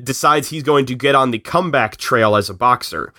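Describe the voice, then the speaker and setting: Man, casual podcast recap, animated storytelling, bright tense tone, dry sound. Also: mid-range voice, dry recording. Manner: animated storytelling with quick character quotes. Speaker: guest recapping a film.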